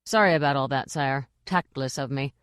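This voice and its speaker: A woman's voice: a bass voice, moderate pace, smooth, no echo, studio quality, pitched below the performer's own voice. A woman voicing a blustering, over-zealous male castle sergeant in an audiobook. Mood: eager. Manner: loud, dim-witted, over-zealous.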